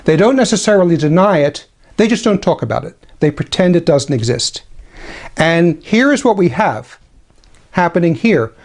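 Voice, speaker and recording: A man giving a spoken religious commentary, deliberate and dryly critical, with ironic asides and slow, careful reading of quotations. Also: a little high, darkish tone. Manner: deliberate, slows for quoted passages. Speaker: traditionalist Catholic commentator.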